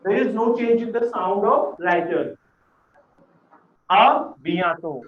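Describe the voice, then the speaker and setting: A man teaching a beginners' French lesson, patient and repeating words slowly for learners. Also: high-pitched. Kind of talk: classroom lesson explanation. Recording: echoey room, dull lo-fi sound.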